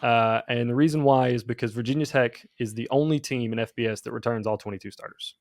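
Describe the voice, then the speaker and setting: A man's voice: mid-range voice, steady tone, fast, no echo, studio quality. A man hosting a casual sports podcast, chatty and easygoing as he leads the talk. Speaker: podcast host.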